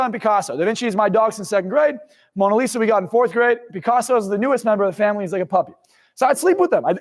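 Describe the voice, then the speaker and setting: A young man in his twenties, a motivational speaker and hypnotist, telling his own life story in an intense, blunt way with some swearing. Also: high-pitched. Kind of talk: personal life story told to camera. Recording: long reverb in the room.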